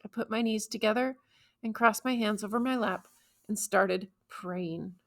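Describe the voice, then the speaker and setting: A woman narrating an audiobook in the first person, measured and emotive, stressing key words. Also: mid-range voice.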